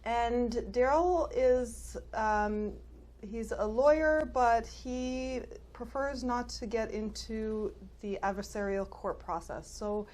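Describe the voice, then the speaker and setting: A woman's voice: fairly high pitch, a little mellow. A woman hosting an interview, posing questions and affirming her guest often. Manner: slow, frequent affirming backchannels. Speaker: host.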